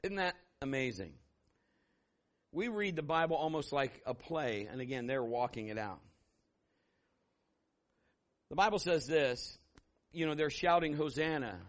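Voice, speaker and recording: A middle-aged man preaching a sermon as pastor, telling stories and acting out voices with sudden loud bursts. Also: fairly high pitch, expressive, moderate pace.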